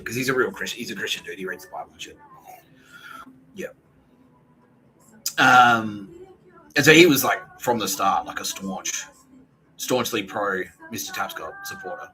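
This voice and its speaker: A man's voice: on the low side, normal speed, long pauses, sharp tone, soft background music, poor audio. Profane rambling Australian man. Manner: profane, rambling, acts out others' speech. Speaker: podcast host. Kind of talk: rambling monologue.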